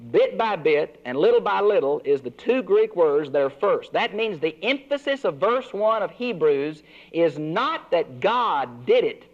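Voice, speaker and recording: An older man giving an earnest Bible lesson, stressing his points. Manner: earnest teaching, swinging pitch for emphasis. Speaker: Bible teacher. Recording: dull lo-fi recording.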